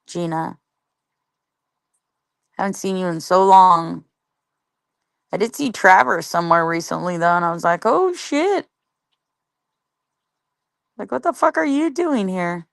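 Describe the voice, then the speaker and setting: A woman chats on her livestream, reads out comments from viewers and goes off on blunt, swear-heavy rants. Her voice sounds smooth and clear. It is close and dry, with no room sound. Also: on the low side, normal speed, pauses often, dry recording. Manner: blunt, profane, rambling; greets viewers and reads the chat. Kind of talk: casual livestream chat.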